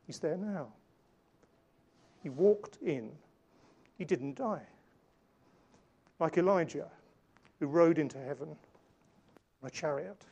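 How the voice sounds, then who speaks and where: Earnest guy preaching a sermon, bit high, mellow tone, slows down to hit his points. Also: gravelly, husky, lo-fi sound. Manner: earnest, varies volume for emphasis, slows on key lines.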